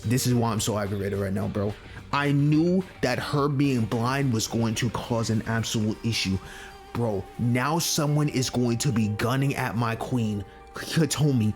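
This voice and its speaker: A young man giving let's-play commentary as the channel's host, excitable and profane, with lots of slang. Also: medium pitch, unhurried, faint music behind.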